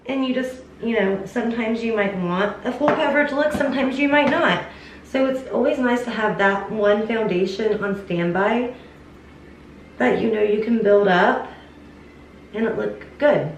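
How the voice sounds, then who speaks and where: A chatty young woman vlogger with a slightly high voice talks her viewers through a makeup review. She sits a little away from the camera mic in an echoey room, with a faint hiss behind her. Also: measured pace, far from the mic. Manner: chatty, enthusiastic, addresses viewers as "you guys". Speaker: beauty vlogger.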